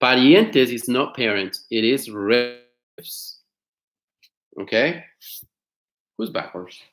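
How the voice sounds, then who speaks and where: A man's voice: mid-range voice, animated, a bit bright. Man teaching vocabulary in an echoey room. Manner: explains slowly, repeats words, asks students questions. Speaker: Spanish teacher. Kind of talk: online class lesson. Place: home studio.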